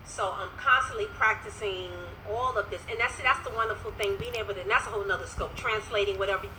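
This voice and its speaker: A woman life coach chatting to viewers on a phone livestream, telling a story with lively energy and dropping in praise to God. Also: mid-range voice, fast, background noise. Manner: animated storytelling with religious interjections. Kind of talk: casual livestream talk to viewers.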